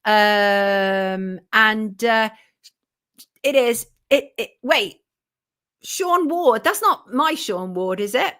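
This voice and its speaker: A journalist and show host runs a livestream, reading viewer comments aloud and answering bluntly; she calls herself belligerent yet thanks viewers warmly. Her voice is on the high side, very slow, and clean in tone.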